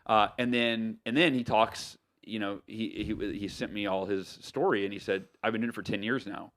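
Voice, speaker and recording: Animated American man telling stories. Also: on the low side, normal speed. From United States. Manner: animated, loose talk with many fillers and self-corrections. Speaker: podcast guest, author. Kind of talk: casual storytelling interview.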